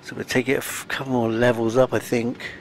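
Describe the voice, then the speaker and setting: A man's voice: mid-range voice, flat delivery, a little fast, a little hiss or hum. Man muttering through a game. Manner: chatty, muttering to himself with sighs. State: slightly out of breath. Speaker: game streamer. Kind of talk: casual let's-play commentary. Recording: faint game music behind.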